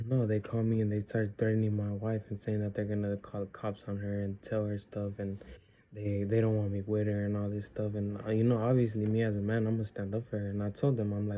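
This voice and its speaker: A man's voice: lowish voice, monotone, fairly quick, dark tone, slight background noise. A young man venting on a personal vlog in a rambling, frustrated way, retelling family arguments in quoted lines. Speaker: vlogger.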